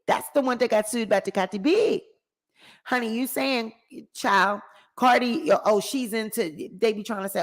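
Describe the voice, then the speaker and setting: A woman giving playful, animated celebrity gossip commentary. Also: medium pitch.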